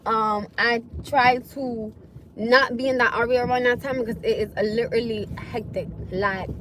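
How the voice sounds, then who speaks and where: A woman's voice: a little high, moderate pace, a little hiss or hum, poor audio. A young woman livestreaming from her car, chatting to her viewers and yelping in alarm at the road ahead. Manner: animated, swears and shrieks in alarm at the road; talks straight to viewers. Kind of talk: casual livestream chat.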